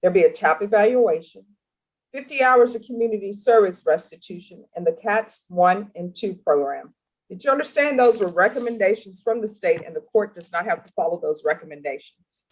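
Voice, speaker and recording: A woman judge in a courtroom, asking formal, deliberate questions in a stern manner. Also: mid-range voice, expressive, low-quality recording. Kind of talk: courtroom plea hearing.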